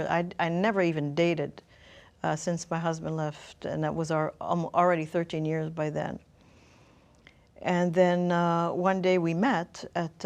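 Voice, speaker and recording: A woman's voice: sits low, a little mellow. A middle-aged woman telling her personal story as an interview guest, thoughtful and searching for words.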